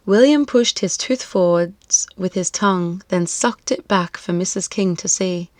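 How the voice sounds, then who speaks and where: A woman reading a children's storybook aloud, clear, expressive and lilting. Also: on the low side, measured pace, few pauses, no echo, studio quality.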